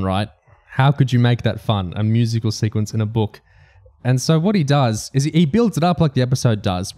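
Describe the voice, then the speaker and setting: Man with a dark, mellow voice. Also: on the low side. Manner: reads quoted passages aloud between comments. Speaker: podcast co-host. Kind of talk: reading aloud and discussing a book.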